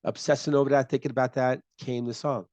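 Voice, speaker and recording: A man's voice: mid-range voice, fairly even intonation, fast talker, a little mellow, no room sound. A man co-hosting a music reaction show, musing through his ideas with fillers and reading lyrics aloud. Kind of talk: casual chat, reading song lyrics aloud.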